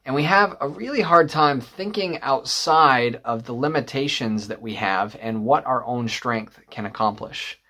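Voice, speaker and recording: A young man preaches a sermon in a medium voice. His delivery is conversational, with frequent pauses and "uh" fillers between phrases. He tells his story in a plain, earnest way and leans harder on key points as he preaches. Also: mid-range voice, sharp tone. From northern Michigan. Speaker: pastor.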